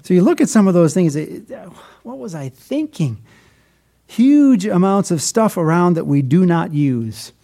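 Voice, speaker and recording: A middle-aged man preaching a sermon, explaining scripture with animated emphasis and folksy, self-deprecating stories. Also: high voice, measured pace, vocal fry. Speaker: pastor.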